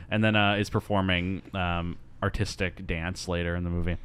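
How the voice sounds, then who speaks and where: A man's voice: sits low, unhurried, clean tone. A man co-hosting a casual movie recap podcast, rambling with fillers and laughs as he retells scenes. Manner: animated, lots of fillers and laughs, acts out quotes. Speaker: podcast co-host.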